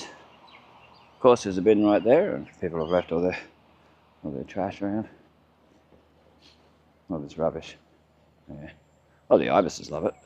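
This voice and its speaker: Filming himself on a handheld camera by a waterfront, an Australian man chats and rambles through his walking vlog, muttering asides as he goes. His low voice has a darkish tone and a breathy edge, heard through dull lo-fi audio with faint noise from outdoors.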